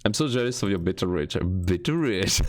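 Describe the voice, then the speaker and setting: This is casual live-stream chatter from a man developing a game, full of self-deprecation and swings between mumbling low and squealing with excitement. Background noise can be heard.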